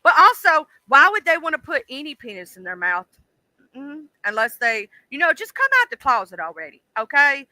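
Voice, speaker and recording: A high-voiced woman hosts a casual livestream and talks straight to her chat. Her voice is very bright and crisp, and she is blunt and exclaiming. The sound is dry and close, with almost no room around it. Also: dry recording. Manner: animated, blunt and exclaiming, quick to voice disgust. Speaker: livestream host.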